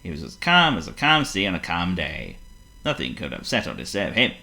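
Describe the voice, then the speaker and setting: A man reading a children's storybook aloud, theatrical and animated. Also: low voice, brisk, gravelly. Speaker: narrator.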